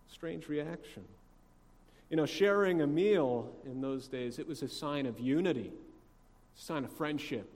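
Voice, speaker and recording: A man preaching a sermon in a conversational way, asking rhetorical questions and swinging between soft asides and loud emphasis. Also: a little high, expressive, a little slow, pauses often, long reverb tail. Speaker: pastor.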